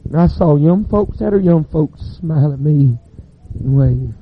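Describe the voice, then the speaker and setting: A man, preaching a sermon as a fervent storyteller with dramatic pauses. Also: on the high side, expressive, husky, narrow, tinny audio.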